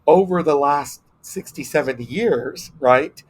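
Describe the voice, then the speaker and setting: A middle-aged man from South Texas tells his story in an interview, his voice a touch high and full of earnest feeling. He gets teary and often repeats words as he talks. There is faint noise under the recording. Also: a little slow, rough recording. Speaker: podcast guest.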